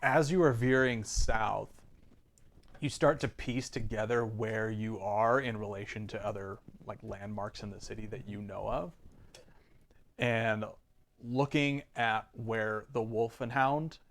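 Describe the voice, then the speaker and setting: A man running a tabletop game as game master, narrating casually and often pausing on ums. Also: on the low side, fairly even intonation.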